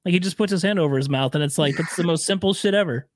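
Man, casual podcast chat, rambling, swears a lot, higher pitch. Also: fast talker. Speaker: podcast co-host.

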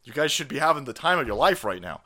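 A man hosting a political livestream, ranting loudly and crudely with sarcastic laughs. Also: mid-range voice, big pitch swings, fast. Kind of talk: profane political rant.

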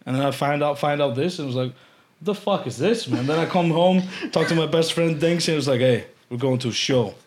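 An Icelandic man, a podcast guest, telling casual stories with lots of swearing and loud acted-out quotes. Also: fairly high pitch, quick pace, few pauses. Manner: animated, swearing, acts out quotes loudly. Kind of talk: casual storytelling chat.

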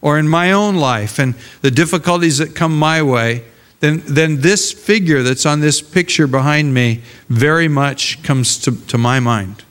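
A man's voice: on the high side, unhurried, a bit bright, smooth, big-room sound. An older man and pastor preaching a conversational sermon, often repeating words as he searches for them.

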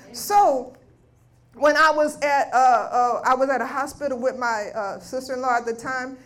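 A middle-aged woman giving a spoken testimony at a ministry meeting, telling a story with lively acted-out quotes. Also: high-pitched. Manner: animated storytelling, acting out voices of family members. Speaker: guest speaker at a women's ministry meeting. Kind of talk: testimony preaching.

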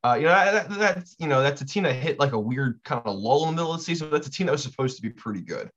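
A man's voice: on the high side, lively intonation, very fast, a bit bright. Hesitant man on dull, lo-fi audio. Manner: loose, hesitant analysis with many restarts. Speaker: sports reporter. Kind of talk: casual podcast chat.

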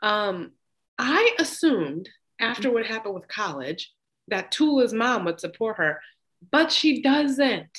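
A woman's voice: on the high side, very animated, slow pace, fairly bright tone. A woman co-hosting a podcast, recapping a movie in casual chat, blunt and laughing often as she acts out the characters' lines. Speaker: podcast co-host.

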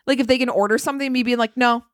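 Young woman podcast co-host, casual and animated, cursing freely, close dry sound. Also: fairly high pitch, very fast, dry recording. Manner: animated, swears often, acts out quotes. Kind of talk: casual chat.

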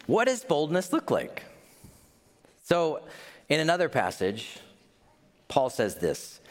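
A man's voice: a little high, wildly swooping pitch, slow, long pauses. A man with a Midwestern accent preaching a sermon as pastor, conversational, putting questions to the congregation and acting out little scenes in mock voices.

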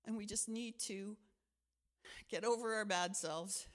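A woman's voice: medium pitch, measured pace. Middle-aged lady pastor telling a story in her sermon, acts out all the bits. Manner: animated storytelling with acted-out quotes. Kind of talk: conversational sermon.

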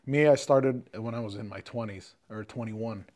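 A man's voice: mid-range voice, moderate pace, darkish tone. A man from Jordan co-hosting a casual podcast, talking in a hesitant, reflective way with many fillers. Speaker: podcast co-host. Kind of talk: casual chat.

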